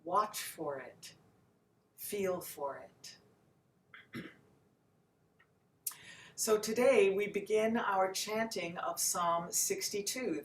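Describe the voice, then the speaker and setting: A woman teaching a daily chant practice, speaking gently and slowly and breaking into sung chant lines to demonstrate. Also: on the low side, slight background noise. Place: home room with chair, screen share.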